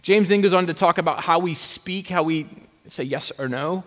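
A pastor preaching a sermon in a conversational way, with rhetorical questions and wry asides. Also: male voice, fairly high pitch, moderate pace, a bit bright. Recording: long hall reverb.

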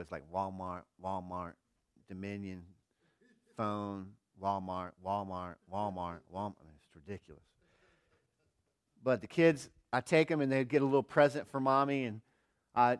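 A man's voice: mid-range voice, clean tone, no echo, studio quality. Earnest middle-aged male pastor preaching. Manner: earnest, rhetorical questions, swings between quiet and emphatic. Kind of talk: sermon.

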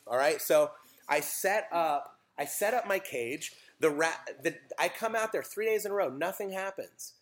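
A man's voice: a little high, expressive, fairly quick. Chatty joking man preaching. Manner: chatty, joking, asks the audience questions. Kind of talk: casual sermon.

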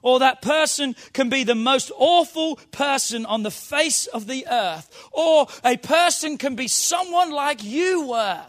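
A man's voice: very high-pitched, animated, a little slow, hardly any pauses, a bit bright. A man preaching a sermon as pastor, emphatic, calling the congregation to answer back. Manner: emphatic call-and-response preaching.

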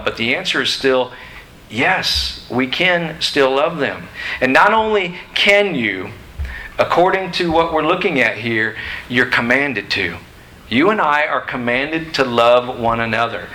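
A man's voice: medium pitch, bright, forceful tone, low-quality recording. A middle-aged man preaching a sermon in a church, emphatic and questioning his listeners. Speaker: pastor. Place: church sanctuary.

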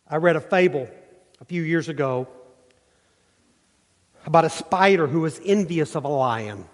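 A male pastor delivers an emphatic sermon, building rhythmic phrases and leaning on dramatic pauses. His voice sits fairly high for a man. A long reverb from a large church sanctuary trails every line. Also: expressive.

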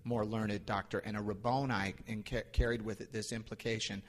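Man preaching in an echoing hall. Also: fairly low pitch. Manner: animated preaching, rising and pausing for emphasis. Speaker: pastor. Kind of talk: sermon. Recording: long hall reverb.

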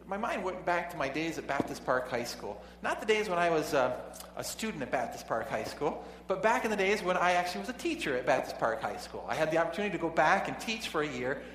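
Male preacher, higher voice, chatty storyteller with chuckling asides, roomy reverberant hall. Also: lively intonation, brisk, hardly any pauses, fairly bright tone. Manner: conversational, chuckling asides, frequent restarts. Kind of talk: sermon with storytelling. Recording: echoey hall with faint hum.

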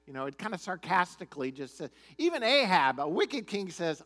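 Animated high-voiced male pastor. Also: a little fast, few pauses. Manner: animated, chatty, conversational. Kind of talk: sermon storytelling.

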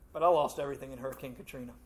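A man preaching a sermon as a pastor, talking conversationally and swinging between loud emphasis and hushed asides. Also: medium pitch.

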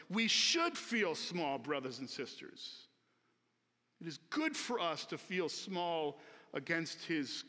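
A man, a pastor, preaching a sermon slowly and earnestly with emphatic repetition, in a church sanctuary. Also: high-pitched, sharp tone. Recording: long reverb of a large hall.

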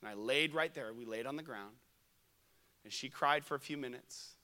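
A young man preaching a sermon at a camp, telling stories that swing from loud to hushed. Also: medium pitch, normal speed, long reverb tail. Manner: storytelling, shifts from loud to hushed. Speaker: pastor. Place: camp meeting room.

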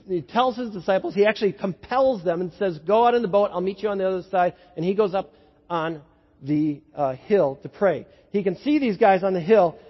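Animated preacher with a husky, high voice. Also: male voice. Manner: animated storytelling, building to excited peaks. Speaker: pastor. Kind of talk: sermon. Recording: dull lo-fi sound with long hall echo.

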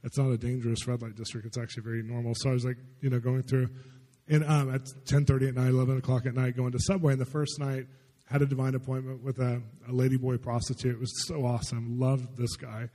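A man with a mellow, slightly husky voice preaches a testimony-style sermon. He tells his story excitedly and rambles, full of fillers and restarts. A long reverb trails his words through the hall. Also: mid-range voice, quick pace.

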